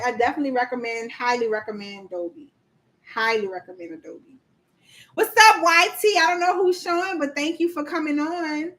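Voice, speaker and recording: On a low-quality recording, a high-pitched, slightly bright female voice runs a laid-back livestream about landing government contracts. Slangy and talkative, she tests her viewers with questions, reads out their chat messages, laughs frequently, and says "y'all" to the crowd.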